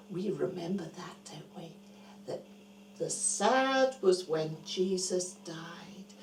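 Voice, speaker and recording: A woman telling a Bible story to young children, dropping to hushed whispers and rising to bright exclamations. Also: medium pitch, echoey room.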